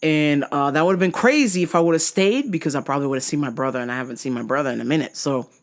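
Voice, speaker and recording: A woman from New Jersey telling a story in a casual vlog, animated and profane. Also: deep voice, fast. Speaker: vlogger.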